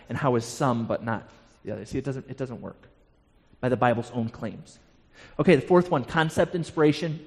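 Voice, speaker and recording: A man's voice: medium pitch, darkish tone. A man teaching a Bible class, explaining passages to his listeners and stumbling into repeated words as he restarts a thought. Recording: long hall reverb.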